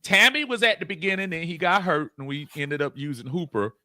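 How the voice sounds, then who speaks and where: A man co-hosting a casual sports talk show, halting and repeating his words as he argues a point. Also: fairly high pitch, pushed and bright. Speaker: co-host.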